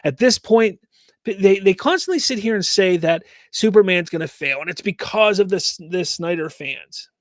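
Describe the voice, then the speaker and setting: A man's voice: high-pitched, animated, normal speed, no echo, clean studio sound. A man hosting a live fan news stream, reading chat comments aloud and ranting with exasperated rhetorical questions.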